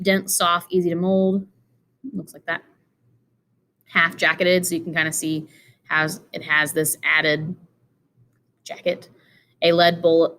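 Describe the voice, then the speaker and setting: Tired and yawning, a female teacher delivers a laid-back explanatory lecture, going through slides with many fillers and tangents. Her voice is on the low side and a touch bright.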